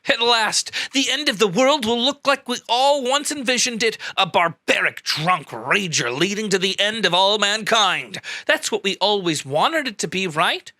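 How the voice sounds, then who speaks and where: A man hosting a satirical news show, delivering a sarcastic, mock-outraged monologue with sudden jumps up in pitch. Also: lively intonation, normal speed, few pauses, sharp tone, no echo. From US Midwest.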